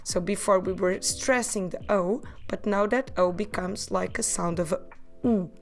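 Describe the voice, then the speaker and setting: A woman teaching a podcast language lesson, modelling words slowly and carefully and having listeners repeat after her. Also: mid-range voice, soft background music. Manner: slow, careful pronunciation drills with repetition.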